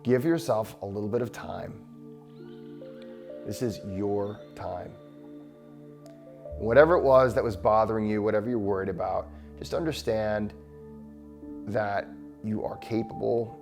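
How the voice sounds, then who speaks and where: A man hosting a show, leading a guided breathing exercise in a slow, soothing, encouraging way. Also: lowish voice, steady tone, gravelly, music in the background. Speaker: breathwork host.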